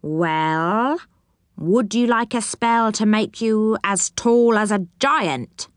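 A woman's voice: medium pitch, no echo, studio quality, close to an everyday voice. A woman playing a boastful goblin shopkeeper. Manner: haughty salesman, quick to rage. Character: grumpy boastful male goblin shopkeeper, blue-eared. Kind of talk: storybook reading.

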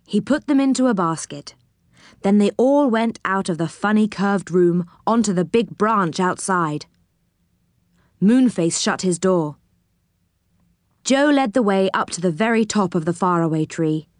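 A woman reading a children's storybook aloud, expressive and clear. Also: mid-range voice, measured pace, no room sound, clean studio sound.

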